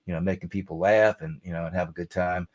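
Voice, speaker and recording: A low-pitched middle-aged man talking casually as a guest. He rambles happily from one story to the next, chatty and easygoing. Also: steady tone, fast. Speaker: songwriter guest. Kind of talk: casual interview chat.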